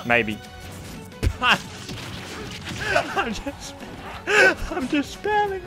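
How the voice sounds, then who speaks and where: An excitable young man calls out a match as he plays it, laughing often and bursting into shouts. His voice sits high and swings widely in pitch. A faint music track plays behind him. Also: drawn-out words. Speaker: gaming YouTuber. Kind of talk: live gameplay commentary.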